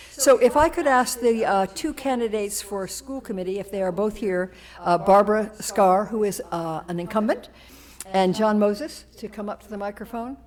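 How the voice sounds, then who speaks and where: Moderating a town candidates forum in a police station meeting room, this woman has a mid-range, darkish voice and a Massachusetts accent. Her delivery is loose, full of fillers and restarts.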